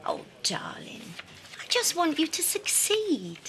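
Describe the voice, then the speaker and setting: A woman's voice: a little high, wildly swooping pitch, normal speed. An actress playing a gossipy village woman with a sugary, mocking manner in a TV soap. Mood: sweetly catty.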